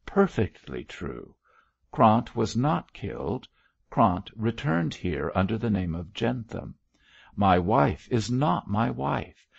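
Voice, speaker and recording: Older bishop, grave and stately, lamenting, read by a male audiobook narrator; slow, gravelly. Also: fairly low pitch, sing-song, no echo, dull audio, pitched above the performer's own voice, full character voice. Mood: anguished. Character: anguished older male bishop, grey-haired.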